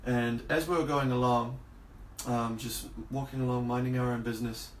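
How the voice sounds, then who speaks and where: A man's voice: medium pitch, fairly even intonation, moderate pace. A man co-hosting a podcast, chatting casually and rambling through stories with plenty of swearing. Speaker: podcast co-host. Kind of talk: casual chat. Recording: roomy, distant from the mic, faint noise.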